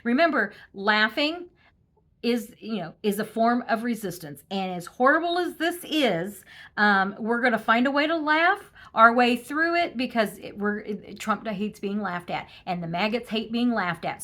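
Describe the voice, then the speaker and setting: A woman's voice: on the high side, fairly bright tone. A woman reading tarot cards on camera, talking casually in a snarky, laughing way, with frequent ums and restarts. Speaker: tarot reader. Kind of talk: casual political tarot commentary.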